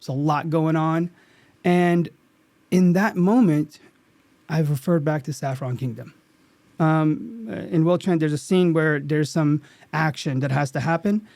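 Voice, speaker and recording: A man speaking in a slightly raised register, earnest and animated as he recounts a story from a set. He restarts his sentences often as the feeling catches up with him. The sound is dry and close, like a podcast mic with no room around it. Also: a little high, a little slow, no room sound. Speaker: actor guest. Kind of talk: casual interview storytelling.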